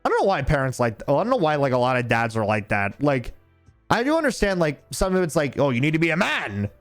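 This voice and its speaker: Young male streamer, casual rambling chat full of swearing, a bit high-voiced, very animated delivery. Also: fast, faint music behind. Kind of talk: casual chat while gaming.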